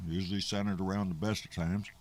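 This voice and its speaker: A middle-aged man talks on a casual livestream in a fairly low voice. He rambles in a folksy way, swears freely and answers his viewers' comments as he goes. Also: fairly even intonation, quick pace, slight background noise. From Texas. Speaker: livestream host.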